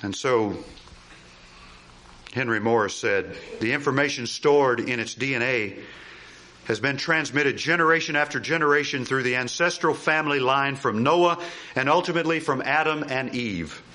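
A man preaching a sermon, animated and emphatic, asking rhetorical questions and repeating key phrases. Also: mid-range voice, moderate pace. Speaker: pastor.

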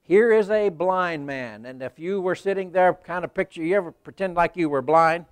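A male preacher giving a sermon in a folksy storytelling way, talking right to the congregation and rising to loud emphasis. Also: high-pitched, moderate pace, clear, resonant tone, no echo.

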